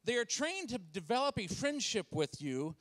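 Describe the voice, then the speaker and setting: A man's voice: high-pitched, normal speed. A man in his forties from Washington State, giving a comedic church talk and acting out voices in his stories. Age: 40s. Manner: animated storytelling with acted-out voices. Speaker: speaker and comedian.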